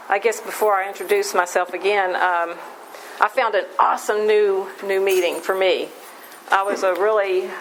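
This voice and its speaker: A woman's voice: on the low side, a little hiss or hum, low-quality recording. Candid woman sharing at a recovery meeting. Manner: halting, candid, with many fillers and restarts. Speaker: AA meeting speaker. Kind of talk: personal recovery talk.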